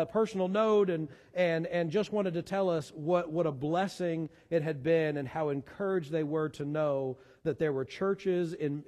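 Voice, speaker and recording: This pastor's sermon rings through a large church sanctuary, his high-leaning, slightly mellow voice earnest as he repeats words while hunting for what comes next.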